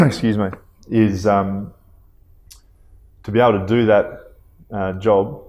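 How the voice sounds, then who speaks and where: An Australian man in his thirties speaks as an interview guest with a fairly low voice. He talks in a relaxed, conversational way, pausing on fillers and wandering into asides as he tells his stories. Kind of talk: casual interview storytelling.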